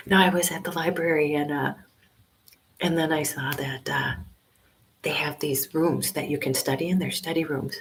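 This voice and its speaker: A woman over fifty chatting on a casual livestream, whispering quietly from a small library study room. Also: sits low, fairly even intonation, normal speed, slight background noise, poor audio. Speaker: vlogger doing a livestream.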